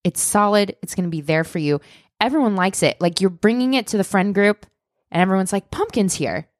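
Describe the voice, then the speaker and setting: A woman's voice: medium pitch, fairly quick, no room sound, clean studio sound. A woman co-hosting a podcast, playful and bawdy in her jokes. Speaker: podcast co-host. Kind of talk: casual chat.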